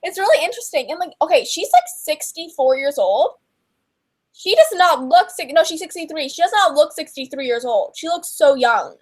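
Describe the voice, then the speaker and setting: Young woman, high voice, gushing, chatty, casual livestream talk. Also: sing-song, moderate pace. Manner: gushing and chatty, many fillers, laughs often. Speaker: co-host of a book and TV chat livestream. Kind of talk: casual chat.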